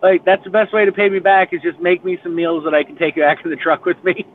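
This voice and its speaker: A man in a casual chat, relaxed and handing out folksy advice over a voice call. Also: high-pitched, fast. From Arizona. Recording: tinny phone-like line, faint noise.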